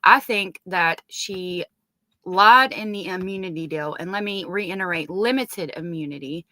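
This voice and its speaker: Bright-voiced Southern woman hosting a live chat. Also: fairly low pitch, unhurried, no room sound. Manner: chatty, greets viewers by name. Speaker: true crime live stream host. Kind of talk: casual live chat with viewers.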